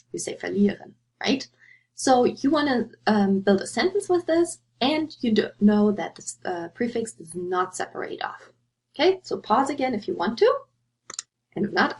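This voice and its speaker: A woman teaching German in a recorded slide lesson, patient and clear, often checking with "okay" and slowing down for the example words. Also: medium pitch. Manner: slows down to pronounce German examples.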